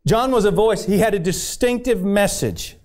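At a church service, a pastor whose darkish voice sits high preaches at a moderate pace. Scripture comes out as a story with many restarts, and he repeatedly calls for "amen?" from the congregation in call-and-response.

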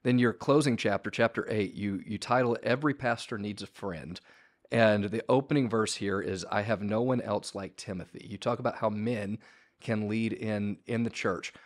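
A man hosting a faith-themed author interview, affirming his guest and asking open questions in a soft-spoken way. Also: fairly low pitch, normal speed.

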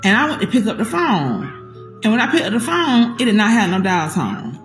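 Woman storyteller, casual and cussing, lively pitch swings, echoey room, faint music. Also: moderate pace. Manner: profane, animated, talks to viewers as "y'all".

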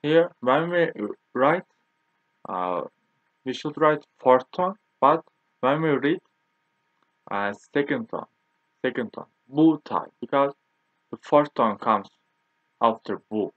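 A man's voice: mid-range voice, lively intonation, no room sound. Man, 20s, patient teacher, repeats drill words, dry, tinny lo-fi sound. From Turkey. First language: Turkish. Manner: repeats each word slowly for drilling. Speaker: language teacher. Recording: dry, tinny phone-like recording.

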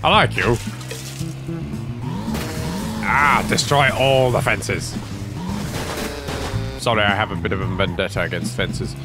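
A man's voice: lowish voice, slow, long pauses, over loud music. An English man hosting a let's play, commentating on gameplay in an exasperated, joking way with plenty of swearing.

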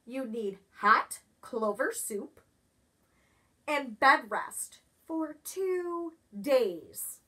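A woman's voice: sits high, animated, extremely slow, pushed and bright, slightly rough, exaggerated voice. A woman voicing a kindly old male owl doctor giving advice in a storybook reading. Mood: advising.

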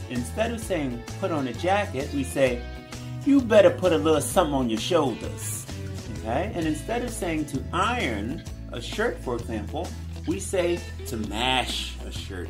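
A young man from Virginia with a Southern US accent, casually explaining how people in the South talk and ending points with "okay?". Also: a little high. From Richmond, Virginia. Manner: relaxed, drawls examples slowly, ends points with "okay?". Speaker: guest speaker explaining his accent.

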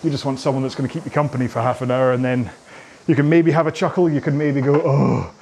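A man's voice: medium pitch, steady tone, fast, a little mellow, a little hiss or hum. A man in his forties with a Scottish accent, coaching a stretching routine in a chatty, joking, self-mocking way. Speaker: indoor rowing coach. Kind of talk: guided stretching class, casual chat.

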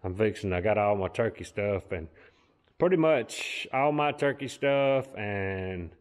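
A man's voice: on the low side, animated, a little slow. Folksy Southern man chatting as he works. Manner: folksy, chatty, addresses viewers as y'all. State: a bit out of breath. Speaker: vlogger. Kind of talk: casual DIY vlog talk.

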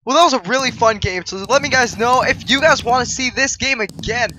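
A young woman with a high voice gives live gameplay commentary, swinging from mumbling to playful trash-talk and sudden yelps. Faint hiss and light clicks sit under her voice. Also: fairly quick, pushed and bright. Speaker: gaming video host.

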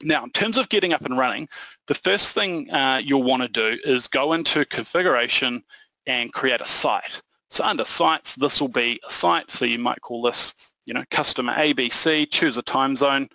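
Male presenter for a product webinar, bright forward tone, chatty and full of "um"s, dry close sound. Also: medium pitch, dry recording, rough recording. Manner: conversational explaining with many fillers. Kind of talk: software product webinar demo.

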